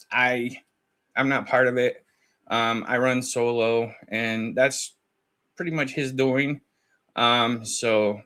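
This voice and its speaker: A man's voice: medium pitch, bright, forceful tone. Man, casual commentary host, chatty, laughs a lot, acts out quotes. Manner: chatty, laughing, retells chats in quoted voices.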